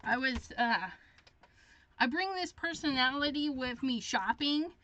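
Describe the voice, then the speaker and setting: A middle-aged woman with a high, pushed, bright, animated voice hosts a crafting livestream at a measured pace, chatting chipperly as she works, telling stories and reading viewer comments. The recording sounds muffled.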